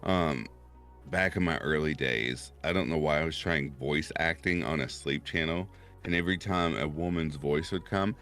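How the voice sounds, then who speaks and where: A podcast host who also narrates horror keeps a casual chat going in a deep voice thick with rumbling subharmonics, laughing often and telling stories with animation. He speaks at a normal speed over soft background music.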